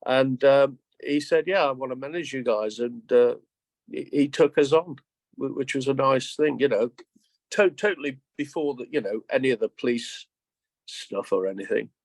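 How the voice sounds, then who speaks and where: A man's voice: mid-range voice, normal speed, a little mellow, no room sound. A man in his seventies, a guest musician telling rambling anecdotes in a casual interview, often restarting his sentences. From England. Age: 70s.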